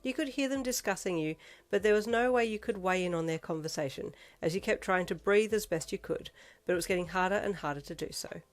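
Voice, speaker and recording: A woman reading fan fiction aloud in second-person narration, with steady, even storytelling. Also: medium pitch, fairly quick, faint music behind. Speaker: reader.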